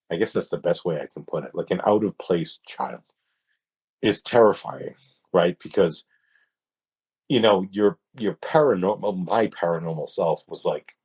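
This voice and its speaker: A man with a deep, slightly husky voice talks as a podcast guest. He tells his story casually and stumbles, stops and restarts as he goes. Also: darkish tone. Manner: hesitant, halting, with many restarts.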